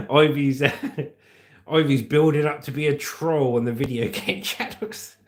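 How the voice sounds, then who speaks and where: Man, English accent, middle-aged, casual livestream chat, jokey, higher pitch. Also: lively intonation, takes it slowly, long pauses. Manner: jokey, chatty, laughs often. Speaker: livestream host reading chat.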